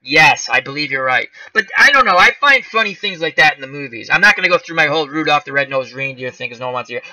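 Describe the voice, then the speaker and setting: A man hosts a loose live-stream chat and reads comments aloud. His voice is high and very bright, with a sharp edge. He rambles from one tangent to the next, chuckling as he goes. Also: expressive, quick pace, no echo, rough recording. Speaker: channel host reading live chat.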